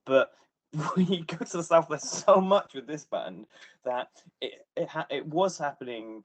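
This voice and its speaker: A man, a band member explaining band habits in a relaxed, wry way during a radio interview. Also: a little high, a little slow. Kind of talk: casual chat.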